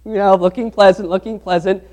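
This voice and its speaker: A man with a strikingly high voice preaches to his congregation in a church. He talks like he is chatting with them, breaks into everyday stories and restarts his sentences as he goes. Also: a little fast. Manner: conversational, animated storytelling with restarts. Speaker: pastor. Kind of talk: sermon with humorous personal anecdote.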